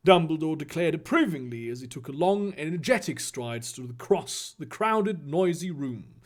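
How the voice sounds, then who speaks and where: A man's voice: a little high, animated, normal speed, hardly any pauses. Sarcastic man reading fan fiction. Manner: sarcastic asides, swearing. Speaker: reader.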